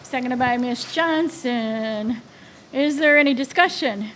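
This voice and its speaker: A woman's voice: high-pitched, takes it slowly, fairly bright tone, slight background noise. A woman serving as school board president, chairing a formal meeting on a table microphone and joking and laughing between agenda items.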